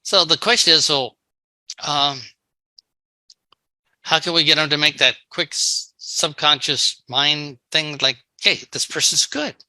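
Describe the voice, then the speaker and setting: A man's voice: fairly high pitch, measured pace, sharp tone, no echo, poor audio. A man giving a folksy sales training talk on a video call, telling stories and acting out quotes. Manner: folksy, storytelling with acted-out quotes. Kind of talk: live online training talk. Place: online meeting.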